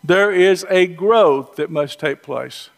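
A man from the Southern US, North Georgia or North Alabama, preaches a sermon with his accent, telling stories in a folksy, conversational way with humorous asides. His high-pitched voice is creaky and he takes it slowly.

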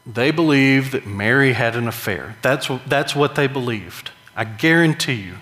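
A man's voice: mid-range voice, expressive, moderate pace, fairly bright tone. A man preaching a sermon in a conversational, joking way, with emphatic rises. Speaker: pastor. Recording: long hall reverb.

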